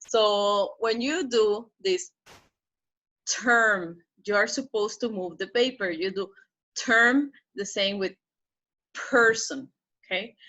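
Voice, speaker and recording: Slow, bright-voiced woman teaching pronunciation. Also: medium pitch. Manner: patient, repeats and drills example words. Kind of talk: recorded online lesson. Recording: slightly dull lo-fi audio.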